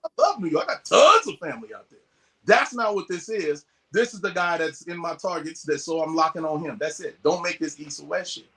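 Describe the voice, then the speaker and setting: Animated male storyteller, bright tone, curses freely, jumps into quoted voices. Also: a little high, brisk. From US West Coast. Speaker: podcast guest. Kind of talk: casual storytelling.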